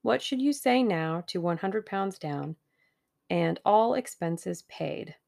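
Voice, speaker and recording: Woman voicing a genial scheming businessman, lowish gravelly voice, persuasive. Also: animated, takes it slowly, a little mellow, heavily acted. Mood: smooth, persuasive. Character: smooth scheming middle-aged businessman.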